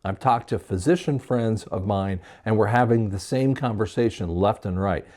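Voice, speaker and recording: A man who works as a hearing clinic doctor, explaining a health topic to camera in a casual, conversational way, with many fillers and pauses. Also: lowish voice, darkish tone.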